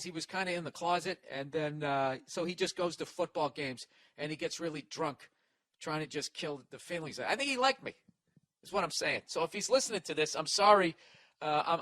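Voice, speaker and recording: A man in his forties, a podcast host, telling a story as a loud, profane comic rant. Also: on the high side, no echo. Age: 40s. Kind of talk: ranting comic monologue.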